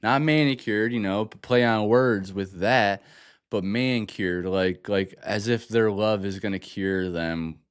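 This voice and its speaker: A man's voice: fairly low pitch, fairly even intonation, measured pace, clean tone, no echo, clean studio sound. A man hosting a music reaction video, thinking aloud in a casual, hesitant way and often restarting his sentences. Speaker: music reaction channel host. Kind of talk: casual first-listen album reaction.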